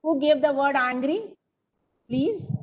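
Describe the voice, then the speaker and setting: A woman's voice: sits high, lively intonation, slow, low-quality recording. A woman teaching grammar in an online coaching class, coaxing students for answers and calling on them by name. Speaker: English teacher.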